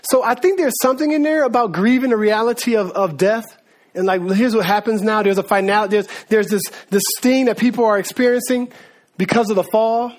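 Steady in tone though a little fast, this preacher's high voice carries a casual Bible lesson full of slang. He addresses his audience as "guys" and performs the voices of the biblical characters as he goes.

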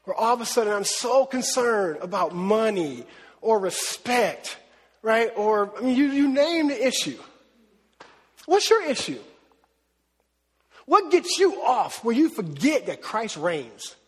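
A man preaching a casual, animated sermon, often checking in with the crowd. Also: high voice, takes it slowly, long pauses, husky. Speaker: pastor. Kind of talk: conversational sermon. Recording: long hall reverb.

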